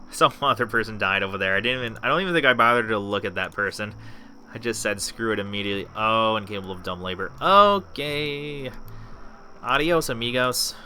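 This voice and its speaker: A man with a low, bright, forceful voice narrates a video game in loose, running commentary. He talks to himself and to the game, swearing freely as he goes. Soft game music plays underneath. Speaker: let's play host. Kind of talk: casual gameplay commentary.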